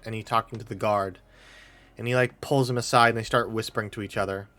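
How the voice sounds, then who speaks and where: A man's voice: medium pitch, steady tone, a little fast, fairly bright tone. A man narrating as game master of a tabletop game, loose and often laughing.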